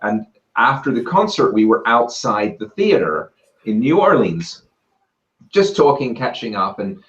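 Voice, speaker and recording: A man with a British accent, a guest telling lively anecdotes and acting out other people's shouted lines. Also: mid-range voice, a little slow. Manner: lively, acts out quoted voices loudly. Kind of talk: anecdotal storytelling in a conversation. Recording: roomy and muffled.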